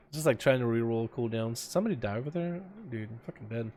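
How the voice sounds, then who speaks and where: A young man livestreaming a video game in a casual chat, reading and answering his chat, with sudden loud excited outbursts. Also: mid-range voice, fairly quick, a little hiss or hum. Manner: chatty, reads and answers chat, bursts into loud excited outcries.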